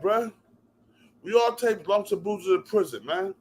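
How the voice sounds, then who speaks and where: A man's voice: high-pitched, unhurried. A man from New Jersey ranting to camera as a vlog commentator, heated and repetitive, cutting in with "yo" and "bruh". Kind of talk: profane rant to camera.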